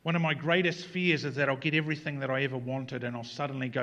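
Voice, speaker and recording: A man preaching a sermon in an earnest way, moving between quiet reflection and animated emphasis. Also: fairly high pitch, brisk, highs cut off. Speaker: pastor.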